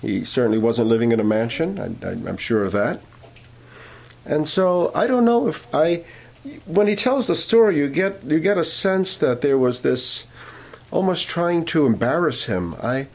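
A man's voice: a little high, expressive, moderate pace, vocal fry, a little mellow. A man preaching a sermon, telling a story with many fillers and restarts, then rising to emphatic points.

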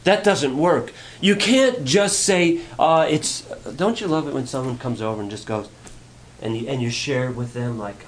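A man's voice: mid-range voice, normal speed. A male pastor giving a conversational, playful sermon, asking the congregation questions.

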